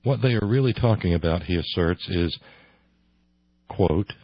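Sarcastic, husky talk-radio host. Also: male voice, deep voice, unhurried, no room sound, dull audio. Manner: sarcastic, incredulous, mocking.

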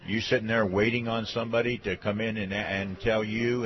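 Male radio host with a very low pitch, folksy and unhurried, muffled audio. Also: fairly even intonation, crowd noise. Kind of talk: casual radio interview talk.

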